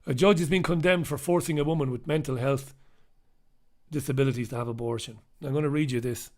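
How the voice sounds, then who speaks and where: Speaking a little fast at medium pitch, with a slightly mellow tone, a man runs a live solo news commentary reviewing newspapers. He's impassioned and emphatic, restates his points for weight, talks bluntly, and sometimes swears.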